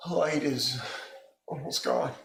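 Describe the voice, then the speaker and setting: A man narrating a tabletop game as game master, describing scenes haltingly with frequent restarts. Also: medium pitch, creaky, background noise. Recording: echoey room with music behind.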